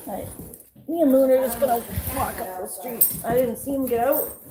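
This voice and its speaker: A woman's voice: a little fast, noisy background. A woman chatting casually while coaxing and calling her dogs outdoors, recorded on a phone. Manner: coaxing high pet-talk to dogs. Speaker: vlogger. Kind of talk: casual chat with her pets. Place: outdoors at home, yard and street.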